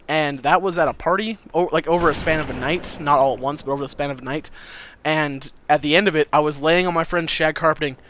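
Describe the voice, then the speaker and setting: A young man vlogging, telling a casual story to camera with animated delivery, acting out other people's voices and swearing freely. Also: fairly high pitch, a little hiss or hum.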